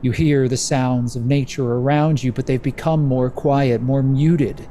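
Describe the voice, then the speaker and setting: A man running a tabletop horror game as game master, narrating slowly and atmospherically. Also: medium pitch, fairly even intonation, dark tone, a little hiss or hum. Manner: slow, atmospheric descriptive narration.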